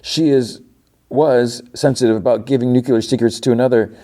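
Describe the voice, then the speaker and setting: A man's voice: mid-range voice, steady tone, moderate pace, mellow, voice pushed up, natural voice. A man putting on the voice of an anxious man who halts and pleads while making excuses. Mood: pleading. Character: anxious man making excuses about his dead wife.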